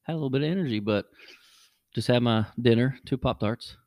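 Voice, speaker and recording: A middle-aged man hosting a podcast, telling a casual story and jumping his voice up high when he acts out what people said. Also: normal speed, dry recording, clean studio sound. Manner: animated, jumps high when acting out quotes. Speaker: podcast host.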